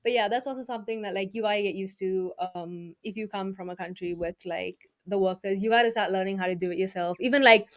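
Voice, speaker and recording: A young woman from Africa, co-hosting a casual podcast chat in a chatty, lively way, often trailing off and restarting. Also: medium pitch, quick pace, few pauses. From South Africa. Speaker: podcast co-host.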